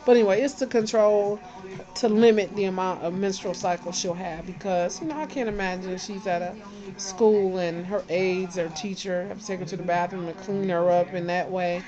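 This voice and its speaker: A woman's voice: mid-range voice, steady tone, normal speed, highs cut off. A woman vlogging in casual chat, talking to her viewers and greeting them one by one. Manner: chatty, shouts out viewers one by one.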